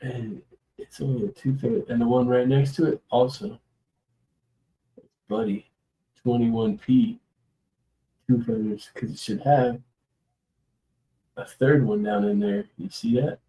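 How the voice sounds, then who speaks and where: A man's voice: mid-range voice, expressive, a little slow, vocal fry, pauses often, mellow, slight background noise, rough recording. A man chatting casually on his own livestream, rambling and laughing often as he shows off coins. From US West Coast. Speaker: livestream host. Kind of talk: casual live-stream chat.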